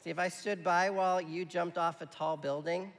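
Gravelly male preacher in a reverberant hall. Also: high voice, fairly even intonation, moderate pace. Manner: conversational preaching, checks in with the audience. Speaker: pastor. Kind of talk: sermon.

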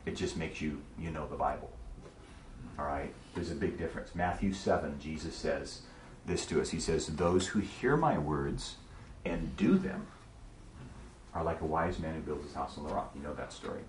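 Deep-voiced man teaching, echoey and distant. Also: normal speed. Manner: relaxed, conversational storytelling with asides to the audience. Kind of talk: casual sermon-style teaching. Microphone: distant mic. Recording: echoey room from far off, faint noise.

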